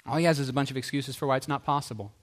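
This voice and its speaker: A middle-aged man preaching a sermon, animated, asking rhetorical questions and acting out quoted voices. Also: mid-range voice, rapid-fire.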